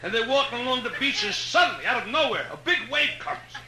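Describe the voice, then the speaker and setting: A man's voice: very high-pitched, very animated, fast talker, heavy background noise. A man with a Brooklyn accent doing live stand-up, telling jokes in a brash, chatty style full of "you know" and "right?". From Brooklyn, New York. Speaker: stand-up comedian. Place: hotel nightclub, live audience. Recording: echoey live room on old vinyl.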